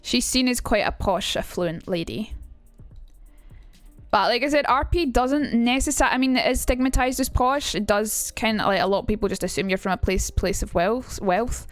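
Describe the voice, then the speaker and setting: A woman's voice: a little high, animated, normal speed, no room sound, soft background music. A young woman with a Glaswegian Scottish accent, streaming a casual lesson, chatty and sweary and reading out her chat. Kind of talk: casual live-stream teaching.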